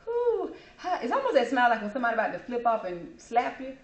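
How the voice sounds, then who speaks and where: A woman's voice: fairly high pitch, very animated, very fast, muffled recording. Chatty woman in an echoey room. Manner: emotional, chatty, smiles and laughs while talking. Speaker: host. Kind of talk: casual personal talk.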